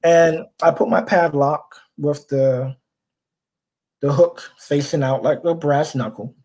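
A man from Brooklyn, a guest on a podcast, telling a long personal story in easy conversation. His voice sits a little high for a man. He keeps it animated and slips into the voices of the people in his story. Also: slow. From Brooklyn, New York. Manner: animated, acts out the people he quotes.

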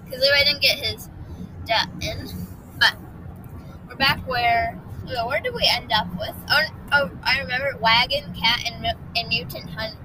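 A groggy woman co-hosting a casual family podcast with her son, animated and giggly with lots of ums. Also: a little high, noisy background. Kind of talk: casual family chat and storytelling.

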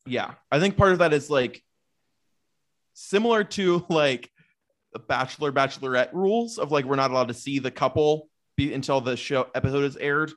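A man in a casual podcast chat, reasoning aloud about a reality show and filling his sentences with "like." His voice sits at an ordinary middle pitch. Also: moderate pace. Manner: chatty, lots of "like" fillers. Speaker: podcast co-host.

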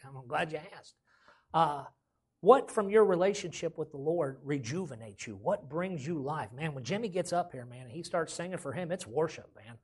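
A male pastor delivers his sermon in a husky, slightly raised voice. He talks in a folksy, plainspoken way and keeps checking in with the congregation with "amen?". His emphasis swells and drops as he preaches. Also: fairly high pitch, animated, a little fast. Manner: preaching with rising emphasis and frequent "amen?" calls.

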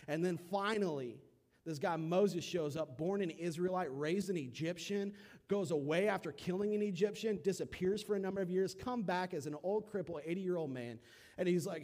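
Animated young male preacher. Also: high voice, moderate pace. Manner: animated storytelling, acting out voices of biblical figures. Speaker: pastor. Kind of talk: sermon.

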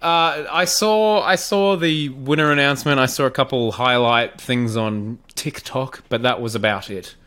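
A man's voice: mid-range voice, normal speed, few pauses, fairly bright tone, clear, resonant tone. A man hosting a podcast, chatting casually and playfully, poking fun at himself. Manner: playful, self-mocking. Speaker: podcast host. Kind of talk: casual chat.

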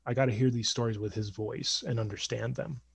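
A man in his twenties telling a family story casually on a podcast, animated and acting out voices. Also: mid-range voice, fairly quick, vocal fry, breathy edge, dry recording. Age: 20s.

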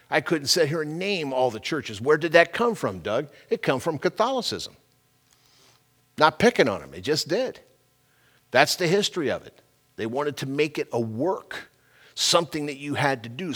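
A man preaches in a lively, swinging voice that sits a little high. He drags out the scripture he reads and keeps stopping to ask his listeners whether they got it. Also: breathy edge. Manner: folksy preaching, reads scripture slowly and loudly, asks the congregation questions. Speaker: pastor. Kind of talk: sermon.

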